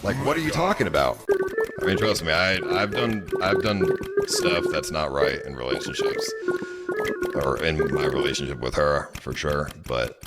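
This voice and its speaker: A man telling a personal story in a casual, rambling way, frustrated and full of filler words. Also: a bass voice.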